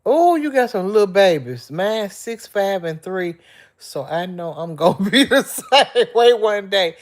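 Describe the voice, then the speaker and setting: A middle-aged woman on a livestream, speaking softly and emotionally as she vents and chats with her viewers, calling them y'all and reading out their comments. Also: mid-range voice, lively intonation, unhurried. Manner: soft, tearful and emotional, venting; chatty, addressing viewers as y'all. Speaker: vlogger on a livestream. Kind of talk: casual live-stream chat, reading out comments.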